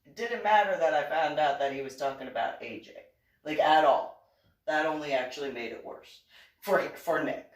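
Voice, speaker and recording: A woman's voice: sits low, moderate pace, recorded from a distance. A woman with an East Coast American accent telling a personal story in a chatty way, laughing often and acting out the voices of the people she quotes. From East Coast of the United States. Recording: echoey room, set back from the mic.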